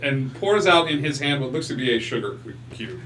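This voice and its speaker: A man's voice: mid-range voice, lively intonation, fairly bright tone, reverberant, distant mic, a little hiss or hum. A man acting as game master, narrating a tabletop game with lots of fillers and restarts. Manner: halting, full of fillers.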